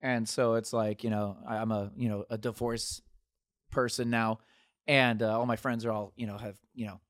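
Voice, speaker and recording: A man's voice: lowish voice, flat delivery, normal speed. A man in casual chat, telling rambling stories full of fillers, restarts and casual swearing.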